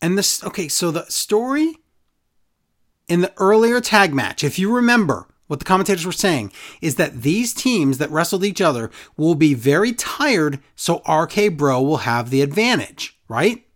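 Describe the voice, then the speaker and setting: A podcast host recapping a wrestling show in casual chat, sarcastic and animated, acting out quotes in other voices. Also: mid-range voice, moderate pace.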